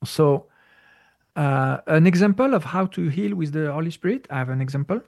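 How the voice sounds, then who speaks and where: A man answering a listener's question in a casual talk, halting and searching for words with many restarts. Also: on the high side, animated, vocal fry, darkish tone. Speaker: spiritual teacher answering questions. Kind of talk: casual spoken Q&A.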